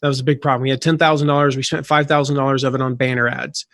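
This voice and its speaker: A man around forty, a podcast guest, telling stories in a casual, animated way, with plenty of fillers and restarts. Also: medium pitch, rapid-fire, no echo, studio quality. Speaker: podcast guest, affiliate marketing consultant. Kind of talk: casual conversational storytelling.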